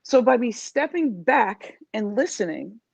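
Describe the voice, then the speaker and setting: A woman from New York, a life coach, talking as a guest in an interview in an animated, emphatic way. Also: a little high, measured pace, vocal fry, breathy edge, dry recording. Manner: animated, emphatic, acts out quoted voices. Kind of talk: interview conversation.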